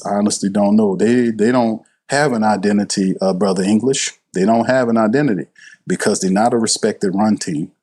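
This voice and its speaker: A man's voice: on the low side, a little mellow. A man, hosting a live sports stream, blunt and passionate, swearing freely and repeating himself for emphasis. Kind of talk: heated live sports commentary.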